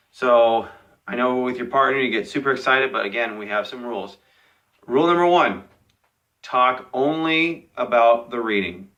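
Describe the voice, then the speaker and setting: Young guy teacher, bright voice, patient, going over class rules and saying okay a lot. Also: medium pitch. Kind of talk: modeling classroom instructions to young students.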